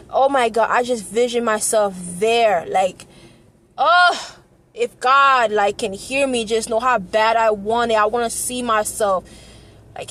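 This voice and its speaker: A woman's voice: fairly high pitch, a bit bright. A young woman vlogging in an earnest, passionate way, often repeating herself. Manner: earnest, passionate, repetitive, tearful at times. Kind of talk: emotional personal vlog.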